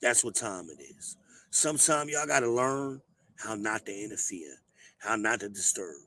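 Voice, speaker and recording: A hoarse man, hosting an advice show and talking bluntly and emphatically. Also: lowish voice, animated, normal speed, bright, forceful tone. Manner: emphatic, preachy, blunt with cursing. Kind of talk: casual advice monologue.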